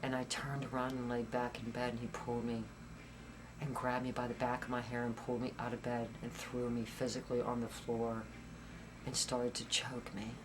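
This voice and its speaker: Woman interviewee, raw first-person testimony, halting repeats, swings loud to whispered. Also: a bass voice, level tone, background noise. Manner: halting, repeats phrases, grows intense and loud, drops to whispers.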